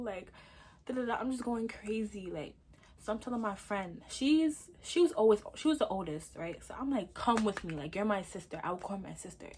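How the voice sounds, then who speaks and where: A young adult woman telling a personal story in a casual, lively vlog style, with lots of fillers. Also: mid-range voice, moderate pace, slight background noise. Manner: lively, chatty, full of fillers. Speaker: vlogger.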